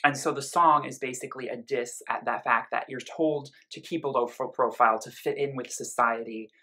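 A man's voice: mid-range voice, fairly even intonation, fairly quick, sharp tone, poor audio. A man giving a casual spoken album review, explaining his ideas in loose bursts full of "um" and "you know" asides.

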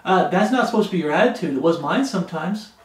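Preacher guy, earnest and pleading, pretty high voice, lots of room echo. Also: lively intonation, quick pace. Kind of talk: sermon.

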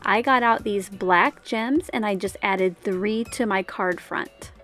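A woman talks through her handmade cards step by step in a friendly, chatty voice-over at an ordinary mid pitch. Faint music plays quietly behind her. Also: slow pace. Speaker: card-making channel host. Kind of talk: casual crafting tutorial voice-over.

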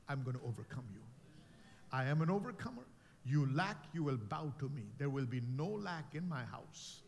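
Preaching pastor, lively and echoing. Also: male voice. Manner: rising to shouted declarations, then dropping to low emphatic lines. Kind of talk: preaching a sermon. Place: church sanctuary.

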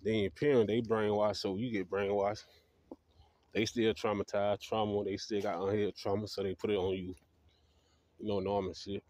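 A man's voice: fairly low pitch, flat delivery, moderate pace, a little mellow. A man telling his dream stories in a rambling, profane monologue, laughing at his own tales. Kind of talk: casual storytelling monologue.

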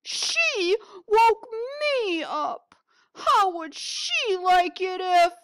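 A woman voicing a grumpy, stomping storybook bear who roars loudly. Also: sing-song, extremely slow, gravelly, no room sound, exaggerated voice. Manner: booming roars.

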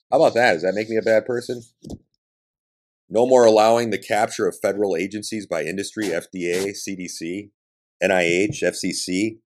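A man's voice: low-pitched, darkish tone. A man hosting a podcast, delivering a combative political monologue with blunt, emphatic ranting and profanity. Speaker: podcast host.

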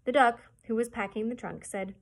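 A woman librarian reading a chapter book aloud to children with expressive storytelling. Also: on the high side, moderate pace, gravelly.

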